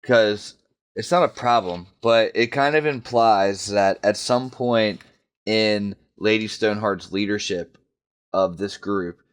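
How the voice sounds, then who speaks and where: A man's voice: on the low side, slow, clear, resonant tone. A man on a book podcast, talking hesitantly and restarting his sentences as he reacts to a chapter. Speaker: podcast co-host, first-time reader. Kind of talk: casual book discussion.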